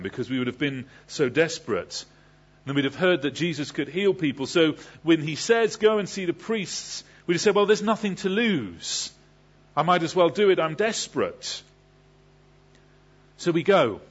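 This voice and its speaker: A man's voice: on the high side, breathy edge, dull audio. A man preaching a sermon. He asks the congregation questions and then answers them. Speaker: pastor.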